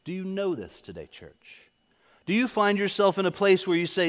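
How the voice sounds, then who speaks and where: A man's voice: fairly high pitch, very animated, moderate pace. A man preaching a sermon as pastor, driving his points home with repeated questions and calls to come forward. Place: church sanctuary. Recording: echoey hall.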